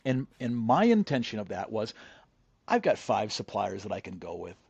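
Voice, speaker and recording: A man's voice: fairly low pitch, sing-song, normal speed, creaky, a little mellow, breathy edge, no room sound. A man talking as a podcast guest, telling anecdotes in an easy conversational flow. He often restarts and repeats words mid-sentence. The sound is dry and a little dull, like a lo-fi remote recording. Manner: frequent restarts and word repeats. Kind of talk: conversational storytelling.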